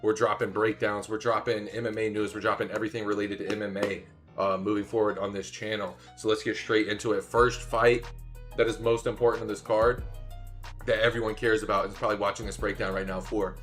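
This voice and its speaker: A man talks fight bets with loud, swearing excitement, often rising into shouts. His voice is bright and forceful, with faint music playing underneath. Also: on the low side, a little fast. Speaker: podcast co-host, betting analyst. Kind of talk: hyped casual sports betting talk.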